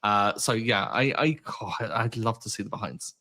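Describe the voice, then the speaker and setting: Male co-host with a crisp bright voice, relaxed rambling podcast chat. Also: fairly low pitch, normal speed. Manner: rambling, full of "like" fillers. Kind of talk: casual chat.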